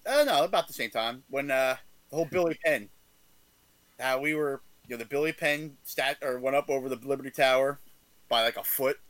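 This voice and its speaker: A man's voice: medium pitch, brisk, dry recording, poor audio. A man co-hosting a casual sports podcast, rambling and correcting himself as he recalls old games. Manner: animated, rambling, self-correcting. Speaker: podcast co-host.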